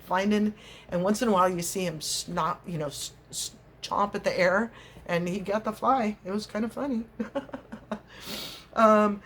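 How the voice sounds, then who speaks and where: A woman's voice: lowish voice, slight background noise. A middle-aged woman vlogger chatting casually, rambling through stories, laughing often and acting out little scenes. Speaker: crochet vlogger.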